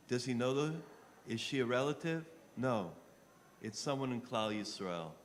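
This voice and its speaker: A man making an impassioned fundraising appeal on a live telethon, pleading and rising to shouts. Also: medium pitch, moderate pace, big-room sound. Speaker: rabbi appealing for donations. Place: telethon studio.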